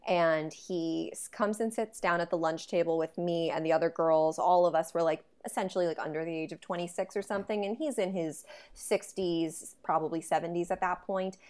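A woman's voice: fairly low pitch, brisk, hardly any pauses. A woman in her twenties, a podcast guest, telling an anecdote in casual chat and acting out the people she quotes. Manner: animated storyteller, acts out quotes.

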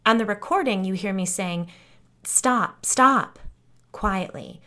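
Woman, first-person audiobook narration, expressive, soft low dips, mid-pitched. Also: moderate pace.

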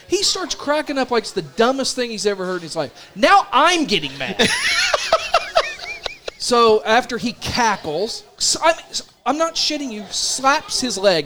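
A man in his thirties tells a story in loose, casual chat, slipping into the voices of the people in it. His voice sits high, and his pitch swings widely as he goes. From Indiana. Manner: animated storyteller, acts out voices of others.

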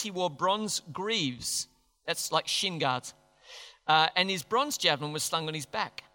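A man's voice: high voice, bright, forceful tone. A man preaching a sermon, chatty and jokey, often asking the crowd questions. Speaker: pastor. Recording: long hall reverb.

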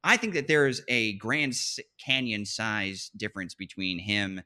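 A man's voice: on the low side, a little slow, pushed and bright. A man hosting a fantasy football podcast, talking casually and with animation, often restarting his sentences and laughing mid-phrase. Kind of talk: casual sports chat.

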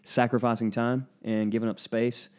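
A man's voice: medium pitch, flat delivery, moderate pace, a little mellow. A man, a pastor guest on a podcast, speaking earnestly and gratefully with many fillers, at his kitchen table. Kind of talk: casual interview chat.

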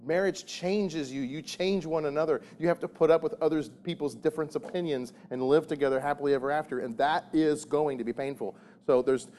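A man's voice: mid-range voice, a little mellow, slight background noise. A man preaching a sermon to his congregation in a casual, joking way, often restarting and repeating words. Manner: conversational, jokey, frequent restarts and repeated words. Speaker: pastor.

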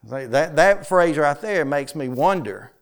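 A man leads a conversational sermon, pausing to ask his congregation questions. His voice sits slightly high and rings clear and smooth. When he reads scripture he slows down and leans on each phrase. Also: expressive. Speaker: preacher teaching a Bible study.

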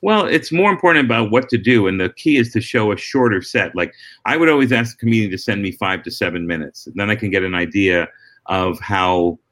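A middle-aged man, a comedian, answering interview questions in relaxed storytelling with frequent restarts and asides. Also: on the low side, a little fast. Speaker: comedian and former talk-show warm-up act.

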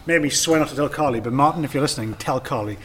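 A man's voice: medium pitch, rapid-fire, slight background noise. A man with a Yorkshire accent co-hosting a crude comedy podcast, telling chatty stories and fun facts. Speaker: podcast co-host.

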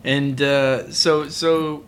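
A man's voice: medium pitch, flat delivery, drawn-out words, clear, resonant tone. A drunk man on a podcast casually recapping an anime, rambling with lots of fillers and restarts. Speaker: podcast co-host.

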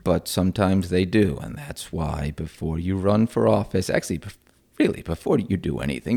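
A man in his forties from upstate New York, an opposition researcher, chats as a guest in a conversational interview. His voice is deep, dark, gravelly and slightly rough at a moderate pace, and his manner rambles in a self-deprecating way.

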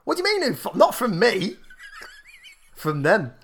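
A man's voice: high voice, measured pace. A man on a podcast telling a funny story in casual chat, swearing and laughing as he goes. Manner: animated, swearing, laughs through his own story. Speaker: podcast co-host.

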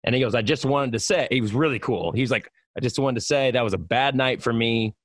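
A man's voice: mid-range voice, brisk, no room sound, clean studio sound. A man telling a rambling story in casual chat, full of fillers and swearing. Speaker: radio personality.

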